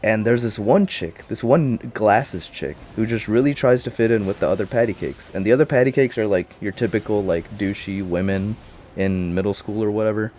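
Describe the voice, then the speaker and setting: A young man with a lowish voice rambles through a loose recap, loaded with slang and casual swearing. He jumps from point to point in an unscripted, chatty delivery. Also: moderate pace, darkish tone, slight background noise. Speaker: vlogger.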